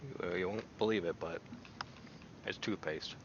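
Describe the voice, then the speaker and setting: A man rambling and exclaiming in a casual, animated way as he chats on camera. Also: sits low, moderate pace, muffled recording, heavy background noise. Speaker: video creator. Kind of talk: casual chat while taste-testing.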